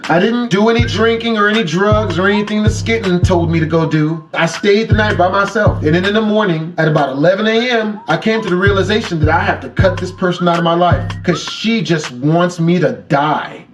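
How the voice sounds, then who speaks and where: Guy with a really high voice telling a personal story, slangy, music under it. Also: brisk, hardly any pauses. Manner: slangy, emotional, animated retelling. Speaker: storytime narrator.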